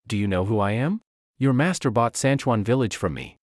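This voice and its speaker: A man voicing an arrogant, hot-tempered young nobleman who shouts at commoners. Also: mid-range voice, animated, moderate pace, no room sound, studio quality, close to an everyday voice. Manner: haughty, shouting.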